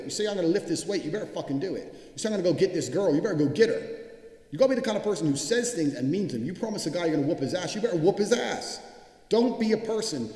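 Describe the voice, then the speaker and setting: A man delivering a motivational monologue, blunt and profane, with hard emphasis on his points. He talks quickly and his voice rings with a long, roomy reverb. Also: fairly high pitch, darkish tone. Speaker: motivational speaker. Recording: echoey, reverberant room sound.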